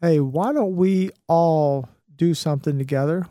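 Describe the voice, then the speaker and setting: A man's voice: fairly high pitch, unhurried, few pauses, warm tone, no room sound, clean studio sound. A middle-aged man hosting a motivational talk, upbeat and encouraging, rambling with lots of fillers. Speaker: host.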